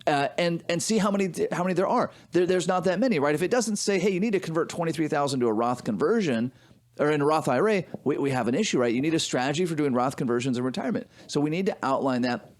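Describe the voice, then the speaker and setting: A man's voice: fairly high pitch, animated, fast. A man co-hosting a financial advice podcast, explaining his points emphatically and often checking in with "right?". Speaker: podcast co-host, financial advisor. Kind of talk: casual business podcast chat.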